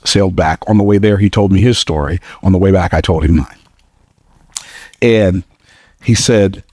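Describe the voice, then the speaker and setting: Male motivational speaker, fairly low voice, dry close sound, energetic storyteller who jumps into squeaky quoted voices. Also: dry recording. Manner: plain-spoken and joking, repeats phrases for emphasis. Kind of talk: motivational speech to a live audience.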